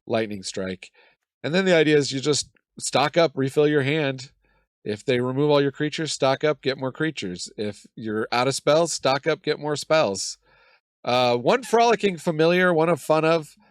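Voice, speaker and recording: Hoarse male host, cold-roughened voice, casual think-aloud game commentary, dry close sound. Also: fairly high pitch, lively intonation, moderate pace, dry recording. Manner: chatty, thinks aloud, self-deprecating laughs. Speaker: gaming channel host.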